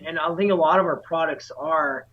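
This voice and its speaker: A solar sales dealer, interviewed as a guest, talks earnestly and passionately about his work. His voice is fairly high and fairly bright at a moderate pace, recorded in slightly dull lo-fi audio.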